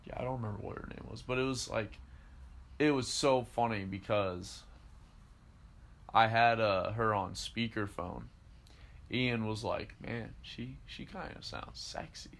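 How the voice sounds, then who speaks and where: Young guy telling a story, animated. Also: on the low side, normal speed, gravelly, pauses often. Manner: animated storyteller, acts out quotes, swears, laughs often. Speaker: podcast co-host. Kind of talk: casual storytelling chat.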